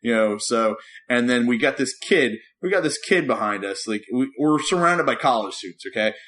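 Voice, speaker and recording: Animated man telling a laughing story. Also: mid-range voice, normal speed. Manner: animated, laughing storyteller who acts out quotes. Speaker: podcast co-host. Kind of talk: casual storytelling chat.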